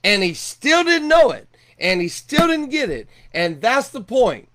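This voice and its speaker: A man's voice: very high voice, sing-song, measured pace, a bit bright. A middle-aged man preaching a sermon earnestly, often repeating and restarting his words. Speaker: pastor.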